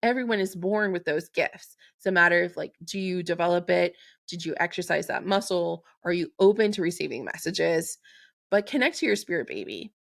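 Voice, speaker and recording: A woman hosting a solo spiritual podcast, speaking in a gentle, affirming way and slowing down to recite intentions. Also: lowish voice, lively intonation, vocal fry. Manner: slow and deliberate when reciting an intention. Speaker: podcast host and Reiki practitioner.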